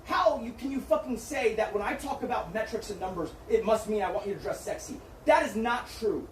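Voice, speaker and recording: A man's voice: high-pitched, fairly quick. Man, heated argument, berating and profane, far from the mic, roomy echo. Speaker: streamer's manager. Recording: echoey room from far off, faint noise.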